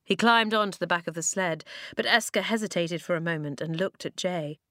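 Female audiobook narrator, lowish voice, dry close recording, children's fiction. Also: brisk, hardly any pauses, fairly bright tone, dry recording. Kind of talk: audiobook reading of a children's novel.

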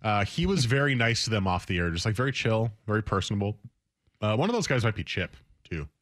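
A man's voice: lowish voice, very animated, quick pace, fairly bright tone, no room sound, studio quality. A man hosting sports talk radio in a casual, conversational way, reading listener prompts and quotes aloud.

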